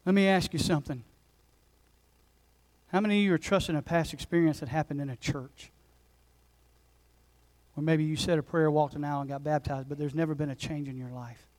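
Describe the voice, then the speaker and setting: A man in his forties, a pastor preaching a passionate sermon that swings between loud urgency and hushed intensity. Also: fairly high pitch, fairly even intonation, a little fast, long pauses, low-quality recording. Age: 40s. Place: church sanctuary.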